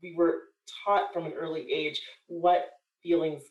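Excitable 30s woman, kinda far off the mic, echoey. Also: sits low, measured pace, lo-fi sound. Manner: excitable, dramatic. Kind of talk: emotional casual chat. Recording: roomy sound from a distance.

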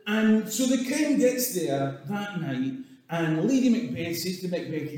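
Scottish bloke telling history for laughs, cheeky, big reverby hall, mic far away. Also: male voice, sits high, expressive, measured pace. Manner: irreverent, swearing, chuckling asides. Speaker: storyteller. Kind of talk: comic history talk.

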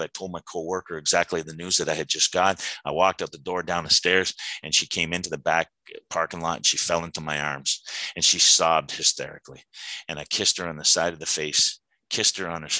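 A middle-aged man gives a recovery-meeting share in a low, bright-edged voice. He tells it earnestly, stumbling and restarting, and the recording is close and dry. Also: no echo, rough recording. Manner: earnest, halting storytelling with many restarts. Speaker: AA speaker sharing his story.

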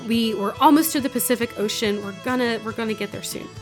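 A woman voicing a pompous, excited male explorer in a comic history retelling. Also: fairly high pitch, fast, faint music behind, close to an everyday voice. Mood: triumphant.

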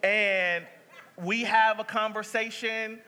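A man's voice: sits high, fairly even intonation, slow pace, pushed and bright, clean tone. A male pastor telling a story in a sermon, talking conversationally with many restarts. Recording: reverberant sanctuary sound.

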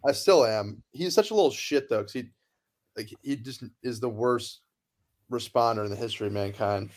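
A man's voice: medium pitch, moderate pace, darkish tone. A young man in casual podcast chat, bantering loosely and teasing a friend.

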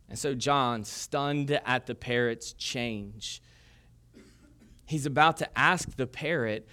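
A man's voice: medium pitch, slow pace, bright, forceful tone. A male pastor giving a sermon in a conversational, joking storytelling manner.

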